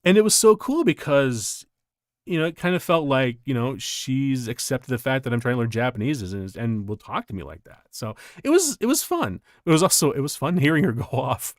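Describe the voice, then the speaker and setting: Man, game streamer, casual chat, animated rambling storyteller, lively pitch, dry close sound. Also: fairly quick, no echo. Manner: animated, rambling storyteller who laughs often.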